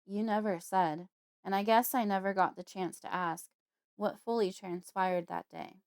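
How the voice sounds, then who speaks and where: A woman voicing a gentle, protective uncle, speaking in a calm, soothing and measured way. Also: medium pitch, clear, resonant tone, no room sound, clean studio sound, lightly acted.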